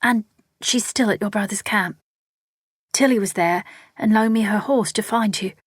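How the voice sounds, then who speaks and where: A woman's voice: mid-range voice, normal speed, slightly rough, no echo, clean studio sound, pitched above the performer's own voice, lightly acted. A woman reading an audiobook, voicing a scared but indignant young woman who speaks tetchily. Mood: impatient. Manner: tetchy and impatient. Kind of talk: audiobook character voice.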